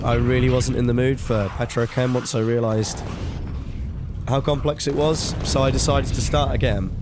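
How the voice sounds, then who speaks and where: A man's voice: medium pitch, background noise. A man chatting casually and rambling with self-deprecating remarks while streaming a video game. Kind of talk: casual live-stream commentary.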